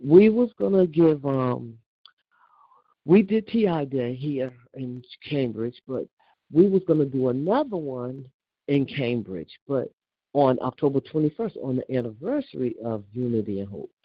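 An older woman on a casual phone call, telling an animated, indignant story and acting out the back-and-forth of what was said. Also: rumbling low, a little slow, husky, no echo. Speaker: caller.

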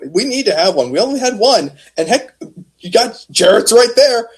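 A man's voice: high voice, expressive, moderate pace, slightly rough. A man co-hosting a casual wrestling podcast, rambling through jokes with hesitant fillers. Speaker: podcast co-host.

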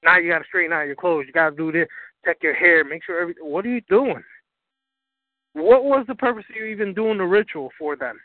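A man's voice: high-pitched, fast talker, no echo, narrow, tinny audio. A man hosting a talk show on spirituality. He talks emphatically, swears freely and keeps asking his listeners whether they understand. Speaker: host.

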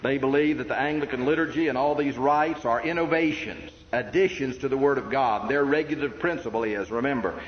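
A man's voice: medium pitch, brisk, hardly any pauses. A man preaching an earnest history sermon to a congregation, emphatic and posing rhetorical questions. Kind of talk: sermon lecture on church history. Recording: dull reverberant hall recording with faint noise.

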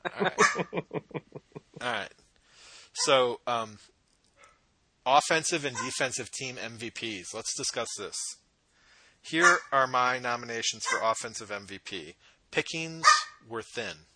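A man hosting a casual podcast, wry and quick to laugh, running through stats and opinions. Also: medium pitch, expressive, pushed and bright, a little hiss or hum. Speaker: podcast host. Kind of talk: casual sports and politics chat. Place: home with dogs.

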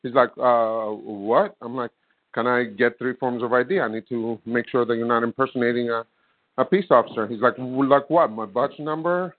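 A man's voice: mid-range voice, flat delivery, brisk, no room sound. A man in his fifties, calling in, who tells a story with many fillers and plays both sides of the conversation. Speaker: caller. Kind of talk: casual storytelling. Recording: dry phone-line audio.

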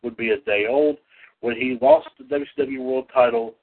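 A man's voice: medium pitch, moderate pace. A man from the North Carolina area hosting a radio show in a folksy, chatty manner, reading wrestling history. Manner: folksy, chatty, coughs and clears throat, lively. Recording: tinny phone-line audio.

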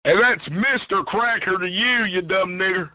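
A man's voice: high voice, moderate pace, dry recording, narrow, tinny audio. A man making a taunting, provocative prank call on a phone chat line. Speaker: caller.

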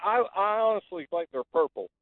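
A man's voice: high-pitched, animated, a little fast, no room sound. A man calling in to a radio show, giggly and apologetic. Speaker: caller. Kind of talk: call-in chat. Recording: tinny phone line.

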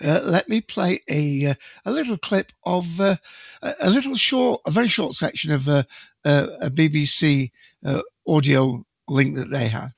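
A fairly high-pitched man with a husky, gravelly voice trades teasing banter as podcast co-host. The sound is dry and a bit dull, lo-fi. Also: moderate pace, no echo. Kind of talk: casual chat.

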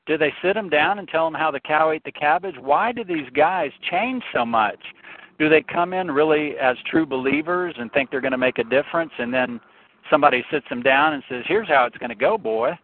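A man's voice: on the high side, lively intonation, a little fast. A man on a talk show, ranting passionately about politics and telling stories with frequent restarts. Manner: impassioned, storytelling, frequent restarts. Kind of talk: opinionated political rant. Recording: tinny phone-like, dry sound.

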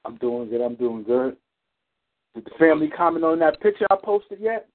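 A man's voice: a little high, lively intonation, moderate pace. A man calling in to a chat show, telling a story bluntly and with a lot of swearing. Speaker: caller. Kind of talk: casual call-in chat. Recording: phone-like lo-fi call audio.

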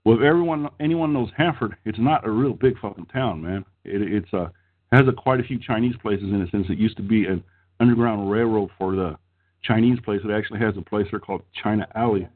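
Husky-voiced man, tinny line. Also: on the low side, brisk. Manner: profane, rambling, laughs mid-story. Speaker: storyteller on a podcast. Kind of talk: crude casual storytelling.

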